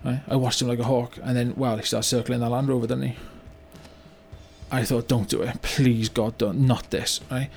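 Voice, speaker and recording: An actor playing a remorseful older British business owner in a comedy monologue, with a rambling delivery full of "you know" and "right?". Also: male voice, mid-range voice, little pitch movement, normal speed, creaky, darkish tone, faint music behind, natural voice. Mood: rueful. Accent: British English. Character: remorseful older male car yard owner, blunt. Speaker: business owner telling a story. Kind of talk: mock-documentary comedy monologue.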